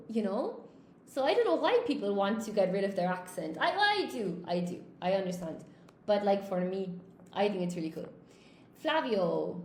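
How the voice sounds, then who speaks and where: A woman's voice: a little high, animated, normal speed, a little mellow. A woman, an English teacher chatting casually on a livestream and reading out viewer comments, often tagging "you know?" onto her points. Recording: roomy echo, faint background hum.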